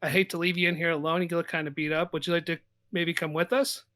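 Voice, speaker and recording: A man voicing a small, kind female raven-like creature who speaks gently and a little hesitantly, close to his own voice. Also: a little high, little pitch movement, quick pace. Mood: gentle.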